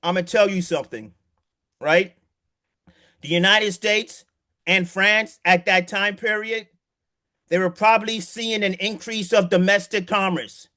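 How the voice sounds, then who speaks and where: A man with a high, bright voice talks through an argument in casual commentary. He is emphatic, stumbles and restarts on words, and keeps asking rhetorical questions. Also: unhurried, pauses often. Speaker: political commentator.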